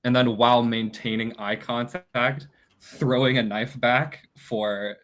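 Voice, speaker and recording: A man describing his character's actions as a player in a tabletop game, halting and casual with many fillers. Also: medium pitch, level tone, fairly bright tone.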